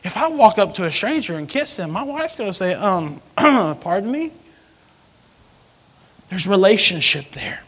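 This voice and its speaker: Husky high-voiced man preaching. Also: a little fast, few pauses. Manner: storytelling, animated, with sudden loud outbursts. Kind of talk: sermon with personal story.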